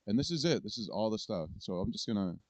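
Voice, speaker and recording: A man's voice: fairly low pitch, sing-song, fast talker, no room sound. A man hosting political commentary, rambling and indignant, swearing now and then. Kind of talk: casual ranting commentary.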